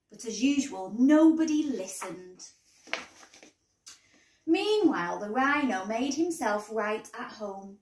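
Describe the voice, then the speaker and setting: A woman teacher reading a bedtime story aloud in an expressive storybook manner, in a roomy recording. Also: on the high side, slow pace, recorded from a distance. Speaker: primary school teacher. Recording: roomy echo.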